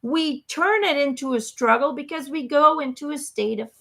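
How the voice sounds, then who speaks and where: A woman's voice: sits high, normal speed, gravelly, a bit bright, a little hiss or hum. A woman giving a live spiritual talk, emphatic and repetitive, often checking in with "okay?". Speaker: spiritual channeler.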